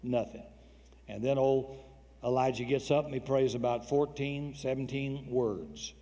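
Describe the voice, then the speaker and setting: A man's voice: mid-range voice, fairly even intonation, a little slow, mellow, long reverb tail. A man preaching a sermon in a folksy, joking, emphatic way.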